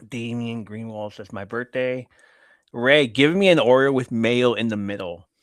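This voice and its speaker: A man's voice: mid-range voice, unhurried, dry recording. Man casually hosting a live podcast. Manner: reads viewer messages aloud, laughs often. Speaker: podcast host reading chat. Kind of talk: casual live-stream chat.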